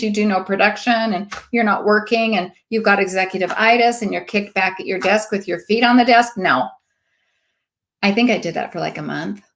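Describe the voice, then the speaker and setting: A sales director in her late fifties gives a motivational talk, telling lively stories and acting out the voices of the people she quotes. Her voice sits in the mid-range, and there's slight background noise. She speaks emphatically and slips in preachy asides.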